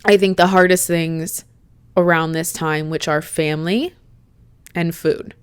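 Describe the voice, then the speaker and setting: A young woman with a slightly low voice hosts her podcast in a relaxed solo chat. She speaks candidly and from the heart, chatty and open. The sound is close and dry, with no room around it. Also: measured pace, clear, resonant tone, dry recording. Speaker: podcast host.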